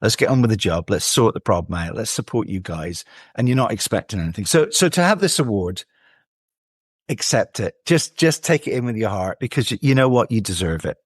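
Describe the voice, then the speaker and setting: A man's voice: on the low side, big pitch swings, a little fast, husky, dry recording, clean studio sound. A man hosting a casual interview, reassuring and encouraging his guest. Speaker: podcast host.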